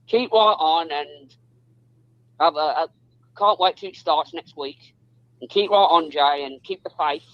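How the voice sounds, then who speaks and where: A man's voice: on the high side, moderate pace, no room sound. A man calling in to a football phone-in, repeating and stumbling over his words. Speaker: caller. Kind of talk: phone-in chat. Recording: dull phone-line sound.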